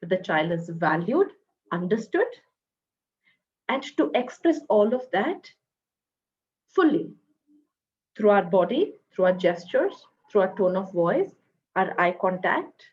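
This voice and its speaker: A woman with an Indian English accent gives a parenting talk in a gentle, measured way, acting out the phrases parents might say to a child. Her pitch sits in the middle range for a woman. The recording sounds dull and a bit lo-fi. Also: expressive. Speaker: parenting speaker.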